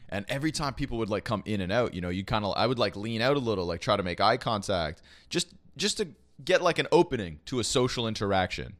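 A man's voice: lowish voice, expressive, fast talker, few pauses, a bit bright, no room sound. A young man from Quebec telling a casual, rambling story, swearing freely and filling gaps with "you know" and "like". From Quebec, Canada. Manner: rambling, profane, full of fillers like "you know". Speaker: esports caster and podcast host.

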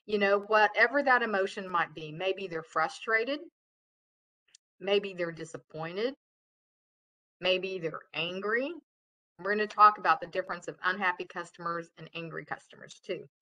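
A woman giving a casual training talk on customer service, chatty and loud, with many fillers and restarts. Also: on the low side, moderate pace, low-quality recording. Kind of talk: casual webinar lecture.

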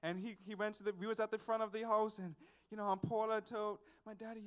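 A young man shares a testimony at a worship service, his voice pitched high. He tells it in an animated, repetitive way, full of sighs and asides. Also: quick pace. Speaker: church member giving a testimony. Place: church service.

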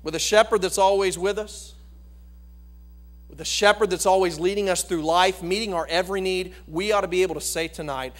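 A male pastor preaching a sermon in a church, swinging between loud proclamation and hushed, slow emphasis. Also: high-pitched. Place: church sanctuary.

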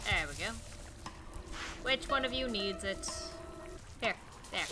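A young woman commentating a game she plays, swinging between quiet sad musing and shrieking panic. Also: a little high, expressive, normal speed, long pauses. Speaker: gaming YouTuber. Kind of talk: let's play commentary. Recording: game music playing underneath.

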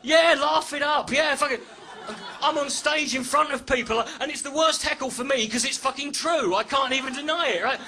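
A man's voice: very high voice, normal speed, pushed and bright, a little hiss or hum. A man doing a stand-up comedy set on a club stage into a handheld mic, sardonic, sweary and self-mocking. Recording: echoey live venue with crowd laughter.

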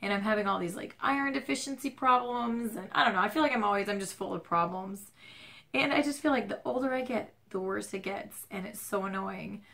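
Filming a casual vlog with a handheld camera and its mic, a Midwestern American woman talks from her dimly lit home at night, the shot shaky. Her voice is medium in pitch, creaky and sharp, fairly quick, and strained and congested as she rambles self-deprecatingly.

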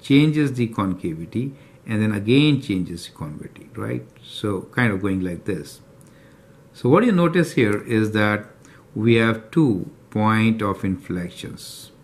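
A man's voice: lowish voice, lively intonation, unhurried. A man teaching a calculus lesson step by step, often checking in with the viewer. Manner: explanatory, checks in with "right?" and "do you see that?". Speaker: math teacher.

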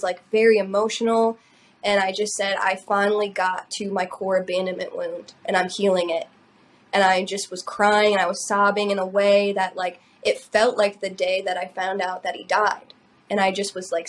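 A young adult woman shares a personal story on a podcast, in a loose, emotional, rambling way. Her voice sits at a middle pitch for a woman, and she often fills gaps with "like" and "you know.". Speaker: podcast co-host. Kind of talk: personal storytelling in casual chat.

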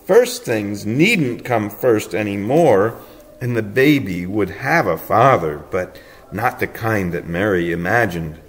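Slow, tender male storyteller. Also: fairly low pitch, lively intonation. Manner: tender, playful storytelling with soft chuckles. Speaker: audiobook reader. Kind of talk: storybook narration.

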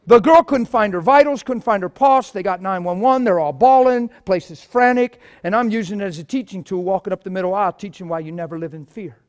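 A man preaching a sermon and telling stories, swinging from low murmurs to loud shouts. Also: a little fast, hardly any pauses. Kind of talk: sermon with testimonies.

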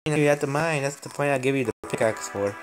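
A man's voice: medium pitch, fast talker, soft background music. A young man casually commenting on his building game, playful and rambling, making up silly stories. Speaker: game channel host.

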